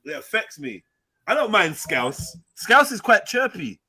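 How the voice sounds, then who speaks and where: A man hosting a casual panel chat, animated and mocking. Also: high voice, unhurried.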